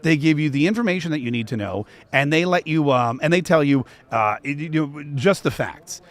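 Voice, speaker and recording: A man hosting a political talk show from a convention media row, talking with animated energy. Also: fairly high pitch, normal speed. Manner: animated, breaks into chanted rap rhymes.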